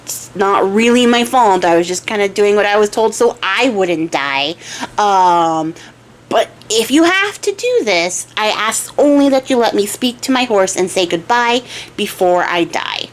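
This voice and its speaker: A woman's voice: mid-range voice, expressive, a little slow, lightly acted. A woman voicing a sensitive, unlucky young male archer in a casually told folktale, whiny and pleading.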